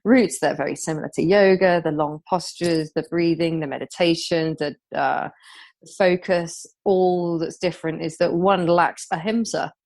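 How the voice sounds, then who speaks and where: A woman's voice: on the low side, steady tone, moderate pace, a little mellow. A woman of about forty with an English accent, chatting casually as a guest, brash, laughing often and swearing freely. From England. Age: 40s. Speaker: guest, yoga teacher. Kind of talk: casual chat.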